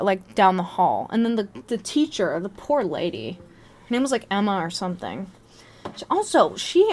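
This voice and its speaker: A woman in her twenties telling a rambling, profane story on a casual live stream. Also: mid-range voice.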